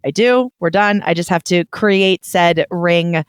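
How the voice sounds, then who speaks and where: A woman's voice: medium pitch, fairly even intonation, moderate pace, smooth, dry recording. A young adult woman co-hosting a podcast, talking in a chatty, rambling way with nervous restarts. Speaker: podcast co-host. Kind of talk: casual chat.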